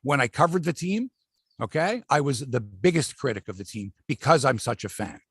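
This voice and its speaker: A middle-aged man hosts a sports talk show, swearing freely and acting out what players said. His voice is gravelly and husky, and his pitch swings a lot. The sound is close and dry. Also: normal speed, dry recording. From Canada. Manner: animated, profane, acts out quotes from players. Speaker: sports podcast host. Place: outdoor studio by a lake.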